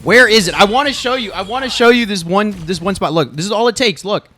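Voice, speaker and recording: A man's voice: high-pitched, fast, sharp tone, soft background music. A young man reviewing his own gameplay footage, insistent and emphatic, repeating himself and swearing freely. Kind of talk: gameplay video review commentary.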